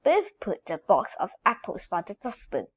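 A woman reading a children's storybook aloud in a slow, expressive way. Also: mid-range voice, husky, dull audio. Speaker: storybook reader.

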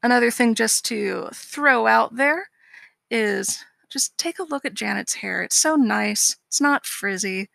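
Sarcastic young woman podcaster, loads of fry, deadpan jokes and swearing. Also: on the high side, a little slow, no room sound. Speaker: podcast co-host. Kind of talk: casual chat.

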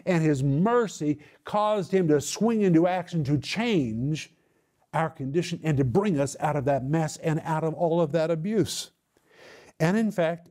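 An older man preaching a Bible-teaching sermon in a mellow, relaxed tone. He speaks earnestly and emphatically, often falling to a quiet hush on key words. His voice sits a little high for a man.

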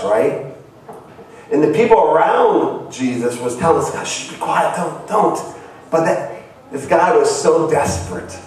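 A missionary man from Ohio, preaching a sermon and telling stories earnestly, his voice rising to cries. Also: on the high side. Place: church hall. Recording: very echoey hall from far off.

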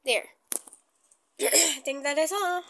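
Fussy, high-voiced big-sister doll, bossy but caring, played by a woman. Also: slow, background noise. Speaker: doll play voice. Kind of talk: doll play role-play.

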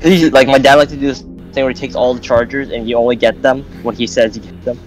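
A teenage boy chats casually during a match, joking around and laughing easily. His voice sits at an ordinary middle pitch, and faint music plays behind him. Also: steady tone, quick pace, low-quality recording. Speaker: gamer. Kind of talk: casual gaming chat.

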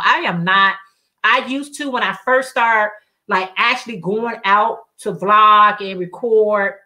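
A woman's voice: medium pitch, sharp tone. A woman hosting a casual crafting livestream, telling chatty stories in colloquial speech and reading viewer comments aloud.

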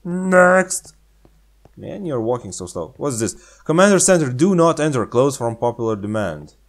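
A man's voice: medium pitch, big pitch swings, moderate pace. A man playing a game and commenting casually, sarcastic and playful, in slightly non-native English. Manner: sarcastic, playful, speaks English as a second language. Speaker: gaming channel host.

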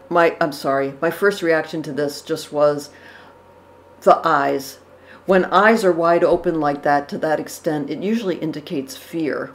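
A woman giving casual reaction commentary on portrait paintings, thoughtful, with fillers and self-corrections. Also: sits low. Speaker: art commentator. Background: dogs barking.

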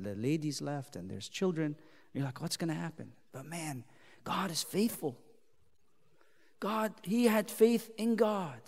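A man leading a youth Bible study, talking casually and then voicing scripture with force. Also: medium pitch. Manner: conversational, animated, voices God's words emphatically. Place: church hall. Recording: long hall reverb.

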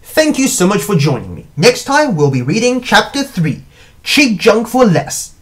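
A man hosting his own channel, reading a children's chapter book aloud with an expressive storytelling manner. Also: high voice, normal speed.

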